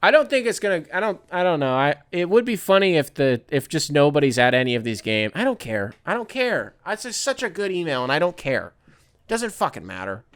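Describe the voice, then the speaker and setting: A man's voice: on the high side, big pitch swings, fairly quick, a bit bright, clear, resonant tone. A man hosting a podcast alone, ranting casually with profanity and sarcastic impressions. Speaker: podcast host. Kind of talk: casual solo rant.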